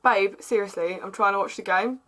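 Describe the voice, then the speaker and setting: A woman's voice: mid-range voice, fairly quick, fairly bright tone, natural voice. A woman with an Essex accent voicing an annoyed young man who is distracted by a football game, in her own voice.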